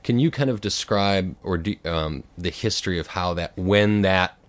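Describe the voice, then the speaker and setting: A man's voice: sits low, normal speed. A man hosting an interview, asking long, rambling questions with many fillers. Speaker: interviewer host.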